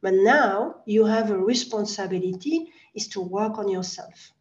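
A woman's voice: medium pitch, a little slow, a little mellow, distant mic. A woman being interviewed as an animal communicator, speaking earnestly and reassuringly with slightly non-native phrasing. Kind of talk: interview conversation. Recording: echoey, dull lo-fi sound.

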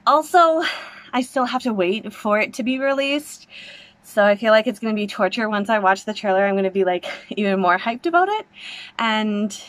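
A young woman book vlogger talking to camera in an excited, gushing, breathless way. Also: medium pitch, normal speed, dry recording. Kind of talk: excited casual vlog.

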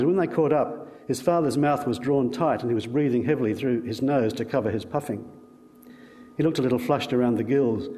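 A man with an Australian accent reading a short story aloud in a measured, dry manner. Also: mid-range voice, warm tone, long reverb tail. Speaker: reader.

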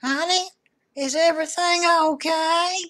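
Woman playing a very high-voiced doting old lady. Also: steady tone, a little slow, fairly bright tone. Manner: doting, teasing, crude jokes. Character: sweet-talking old lady with crude jokes. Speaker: scambaiter. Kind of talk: prank voice chat.

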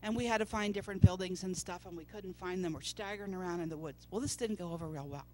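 A woman's voice: lowish voice, quick pace, dark tone. A woman preacher telling a personal testimony in a church service, storytelling and acting out the voices of people she quotes. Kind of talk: testimony sermon.

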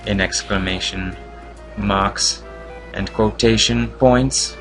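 A man's voice: on the low side, steady tone, slow, a bit bright, faint music behind. A man casually commenting on a video game walkthrough, making wry, joking asides as he plays. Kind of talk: casual let's-play commentary.

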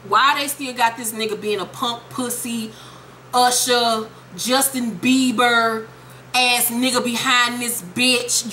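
Sassy, foul-mouthed woman with a bright voice. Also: fairly high pitch, slow, a little hiss or hum, poor audio. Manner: profane, sassy, animated storytelling. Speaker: TV show reviewer. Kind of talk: casual recap vlog.

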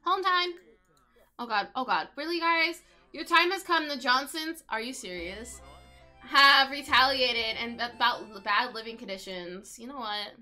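Faint music plays behind a young woman who creates gaming videos, chatting casually through a life-simulation game and talking to its pets. Her pitch is fairly high, her pace moderate, and her tone pushed and bright.

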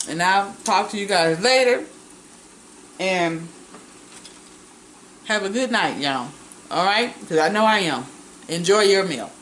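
A woman's voice: mid-range voice, expressive, slow, long pauses, a bit bright, slight background noise, low-quality recording. A woman vlogger chatting casually as she assembles a burger in her home kitchen, talking in a homey way. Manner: homey, chatty, talks with mouth full. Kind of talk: casual cooking demonstration.

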